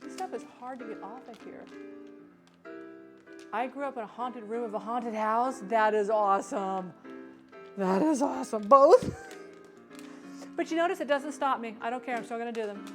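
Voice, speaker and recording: A woman's voice: a little high, fairly quick, faint music behind. A woman hosting a cooking livestream, chatting casually while she cooks and reads viewer questions aloud, playful and self-mocking.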